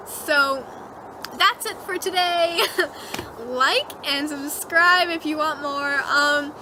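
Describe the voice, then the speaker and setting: A woman's voice: high voice, noisy background. A teenage girl vlogger animatedly retelling a dream to camera, giggling often. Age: teens. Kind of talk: casual storytelling to camera.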